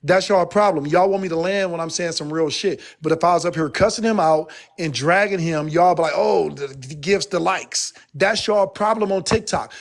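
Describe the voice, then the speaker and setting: A man, a guest on a live stream, ranting in a profane, emphatic and rambling way after he has been drinking. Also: high-pitched. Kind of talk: heated casual rant.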